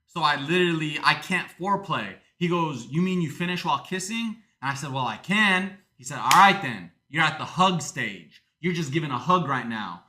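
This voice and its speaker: A man's voice: a little high, expressive, normal speed, few pauses, pushed and bright. A man livestreaming in casual talk, swearing often and ranting, moving between jokes and earnest thanks to supporters.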